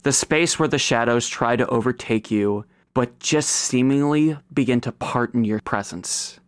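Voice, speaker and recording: A man's voice: medium pitch, unhurried, smooth, no echo. Guy narrating his tabletop game, dramatic storyteller, dry close sound. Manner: dramatic storytelling, dropping to whispers. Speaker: game master.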